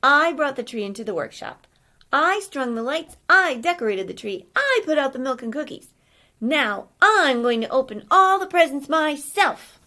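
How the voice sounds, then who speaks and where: A woman's voice: fairly high pitch, sing-song, measured pace, vocal fry, darkish tone, husky, heavily acted. A woman voicing a hardworking, patient little elf in a read-aloud storybook. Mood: fed up. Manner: sweet and patient.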